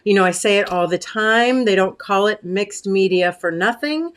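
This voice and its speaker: Speaking at an ordinary pace in a medium-pitched voice, this woman from the United States runs a casual craft livestream where she talks with viewers and reads comments. There's a catch in her throat, and she clears it often. Her manner is warm and chatty, peppered with fillers and friendly side remarks to her audience.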